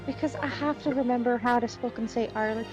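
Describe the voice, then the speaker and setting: A woman's voice: fairly high pitch, fairly even intonation, quick pace, dull audio, over music. Chatty, foul-mouthed woman gamer. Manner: chatty, swears freely. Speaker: player voicing parts. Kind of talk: casual gaming chat.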